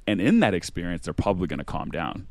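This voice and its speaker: A man's voice: low-pitched, very animated, quick pace, a little mellow. A man co-hosting a podcast who explains his ideas with energy and acts out the examples he gives. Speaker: podcast co-host. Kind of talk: casual podcast conversation.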